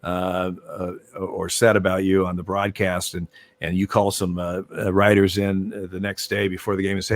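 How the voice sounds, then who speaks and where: A man's voice: deep voice, moderate pace, no room sound. An older man, a former umpire, telling stories in a casual interview, rambling with many fillers and restarts. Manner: rambling, many fillers and restarts, animated when retelling arguments. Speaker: former baseball umpire, guest.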